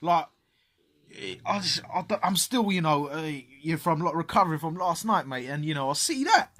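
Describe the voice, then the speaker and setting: A man's voice: fairly high pitch, animated, normal speed, a bit bright. A man co-hosting a casual football podcast, swearing freely and saying "mate" at every turn. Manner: laddish, swears a lot, says "mate" constantly. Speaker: podcast co-host.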